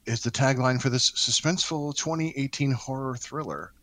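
A man's voice: medium pitch, moderate pace, hardly any pauses, a bit bright, no echo. A man hosting a casual podcast quiz, joking with his co-hosts and reading questions dramatically. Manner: playful, reads questions dramatically. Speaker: quiz host.

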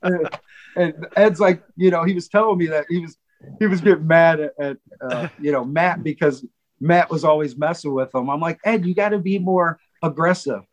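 A man, a guest drummer, telling a story in casual chat, animated and swearing freely as he acts out the voices of others. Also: on the high side, moderate pace, a little hiss or hum.

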